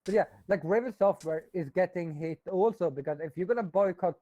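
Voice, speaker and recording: A man's voice: sits high, a little fast, warm tone. A man co-hosting a live stream, chatting casually about games, hesitant and restarting phrases while pushing back on points. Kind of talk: casual gaming chat. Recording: dull, dry lo-fi mic.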